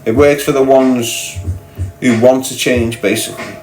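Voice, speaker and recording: A man's voice: mid-range voice, unhurried, vocal fry, darkish tone, soft background music, rough recording. A man with a Scouse accent delivering a confrontational, mocking rant as a podcast guest. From Liverpool, England. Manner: confrontational, mocking, blunt and sweary. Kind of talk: ranting monologue.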